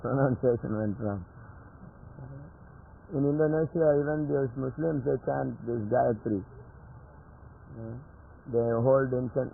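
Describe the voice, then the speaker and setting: A man's voice: mid-range voice, vocal fry, a little hiss or hum. A man giving a devotional scripture lecture in a chatty storytelling way, chuckling at his own jokes, heard on a tinny lo-fi 1980s tape.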